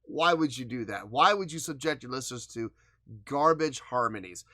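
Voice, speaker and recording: Bright-voiced, emphatic male music reactor. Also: medium pitch, animated, moderate pace, no echo, studio quality. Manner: emphatic, playfully defiant, breaks down song details. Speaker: music reaction channel host. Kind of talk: casual music reaction commentary.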